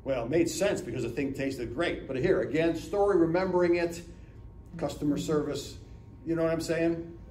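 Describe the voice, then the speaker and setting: At normal speed and with a high-leaning, slightly mellow voice, a man in his seventies from Northeast Ohio, USA, guest-speaks at a business lunch, telling chatty stories with acted-out dialogue and frequent "right?"s. Expect an echoey room, a far-off mic, and slight background noise.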